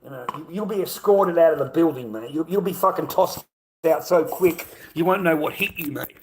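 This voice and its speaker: A man's voice: on the high side, normal speed, darkish tone, a little hiss or hum. A middle-aged man with an Australian accent, ranting in a sarcastic, mocking monologue full of swearing.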